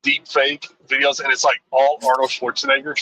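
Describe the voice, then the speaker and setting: A man co-hosting a casual chat, telling things excitedly with laughs and restarts. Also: mid-range voice, moderate pace, low-quality recording.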